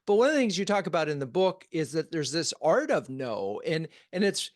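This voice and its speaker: A male interview host who talks in a halting, friendly way, with fillers and restarts. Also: fairly high pitch, big pitch swings, dry recording, studio quality. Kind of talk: casual interview chat.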